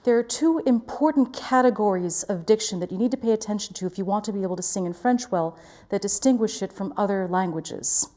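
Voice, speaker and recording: Woman voice teacher, warm mellow tone, careful precise articulation. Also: mid-range voice, a little fast. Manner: clear, careful articulation, demonstrating vowels. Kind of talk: diction lesson.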